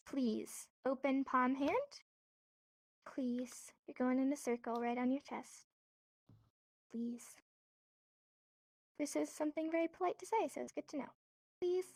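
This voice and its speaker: Slow, patient high-voiced woman teacher. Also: no echo, studio quality. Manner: patient, repeats each word slowly. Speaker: sign language teacher. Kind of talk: instructional lesson. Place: virtual reality social space.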